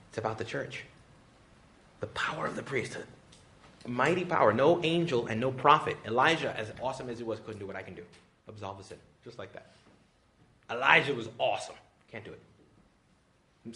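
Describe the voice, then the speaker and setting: A male priest giving a retreat talk, joking and acting out quoted voices with big pitch jumps. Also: a bit bright, a little hiss or hum. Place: retreat venue with a live audience.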